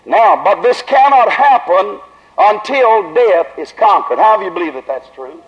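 A man with a Southern accent preaching at a tent revival, drawing his words out slowly and then rising to loud emphasis. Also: high voice, lively intonation. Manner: slow, drawn-out delivery that builds to raised emphasis. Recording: dull lo-fi old recording.

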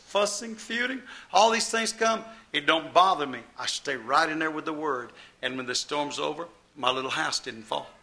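Forceful, folksy male preacher. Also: fairly high pitch. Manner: folksy, emphatic, repeats phrases for effect. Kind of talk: sermon.

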